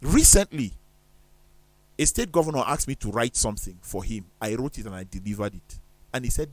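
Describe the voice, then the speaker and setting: A man's voice: medium pitch, very animated, fairly quick, no echo. A man talking on a studio discussion show in an emphatic, preacherly way, firing off rhetorical questions.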